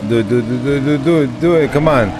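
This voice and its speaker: A man streaming a retro driving game, excitably talking to the game and getting frustrated as he plays. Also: medium pitch, quick pace. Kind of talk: live gameplay commentary. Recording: noisy with game car sounds.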